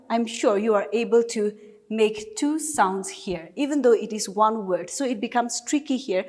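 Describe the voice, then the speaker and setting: A woman's voice: on the high side, darkish tone. A woman teacher from Nagaland with a Naga English accent, giving a recorded class lesson patiently and step by step with repeated examples. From Nagaland, India.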